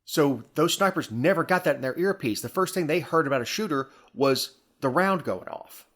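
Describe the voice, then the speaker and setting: A man's voice: on the high side, lively intonation, normal speed, fairly bright tone. A man co-hosting a podcast, talking casually about the news with dry, wry asides and repeated words. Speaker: podcast co-host.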